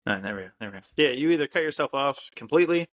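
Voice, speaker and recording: A man co-hosting a podcast who chimes in with short, easygoing remarks. His voice sits at an ordinary middle pitch. He speaks into a podcast mic. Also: animated, very fast, a bit bright. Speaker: podcast co-host. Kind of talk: casual podcast chat.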